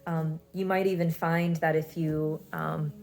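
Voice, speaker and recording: A woman's voice: low voice, little pitch movement, measured pace, gravelly, a little mellow. Soothing woman giving a card reading. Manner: soothing, reassuring, with many fillers. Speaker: tarot card reader.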